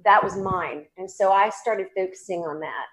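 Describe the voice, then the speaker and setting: A woman with a Southern accent, a psychic medium talking as a guest in an interview, animated and laughing, with many fillers and restarts. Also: mid-range voice, normal speed. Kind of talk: casual interview talk.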